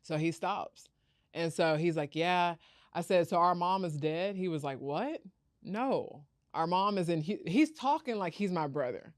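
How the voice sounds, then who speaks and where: A woman's voice: lowish voice, moderate pace, dry recording, studio quality. A young adult woman, a startup founder telling her story in an interview and acting out the voices of others. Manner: animated, acts out quoted voices.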